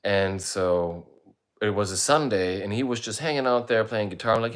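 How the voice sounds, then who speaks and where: Man, middle-aged, low voice, laid-back livestream chat, rambling storyteller, casual swearing. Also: unhurried. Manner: laid-back, rambling, swears freely, reads out viewer comments. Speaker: musician hosting a livestream. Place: indoors, streaming while away on travel.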